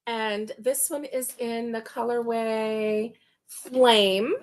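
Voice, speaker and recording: A woman's voice: on the high side, steady tone. A woman hosting a casual chat about yarn, gushing and laughing as she talks. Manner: gushing, slow and chatty, laughs often. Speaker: host.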